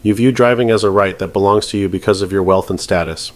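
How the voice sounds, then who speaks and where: A stern, unshakable judge, as a male narrator plays him, handing down words calm and precise. His low voice stays measured and final throughout. It belongs to a dramatized courtroom story. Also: a little hiss or hum, close to an everyday voice. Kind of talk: scripted narration.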